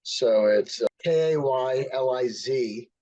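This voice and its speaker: A man's voice: mid-range voice, slow pace, mellow, dull audio. A man co-hosting a casual bodybuilding podcast, laid-back and casually swearing. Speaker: podcast co-host. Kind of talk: casual chat.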